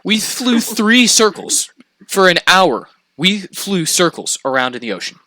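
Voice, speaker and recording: Brief: young man, lively swooping storyteller with a slightly high, bright voice, dry close sound. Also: unhurried, dry recording. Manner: animated, profane, laughs through the telling. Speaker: podcast storyteller. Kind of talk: casual storytelling chat.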